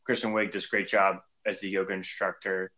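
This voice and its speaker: A man's voice: sits low, flat delivery, brisk, sharp tone, low-quality recording. A man co-hosting a podcast, casually chatting about a movie and acting out lines from it. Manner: easygoing, acts out quoted lines. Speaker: podcast co-host.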